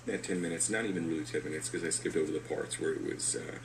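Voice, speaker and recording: Deep-voiced man speaking with hesitant pauses. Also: noisy background. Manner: measured, hesitant, with fillers. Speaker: critic in a video being answered. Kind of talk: spoken video commentary.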